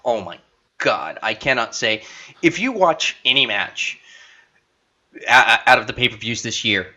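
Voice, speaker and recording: A man co-hosting a casual podcast, talking excitedly in quick bursts. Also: mid-range voice. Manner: excitable, talks in bursts with restarts. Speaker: podcast co-host. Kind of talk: casual wrestling chat.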